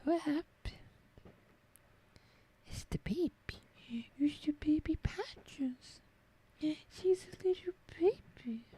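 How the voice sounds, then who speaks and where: Woman putting on a high cooing pet voice. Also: sing-song, takes it slowly, long pauses, exaggerated voice. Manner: cooing baby talk to a pet cat. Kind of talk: soft talk to a pet.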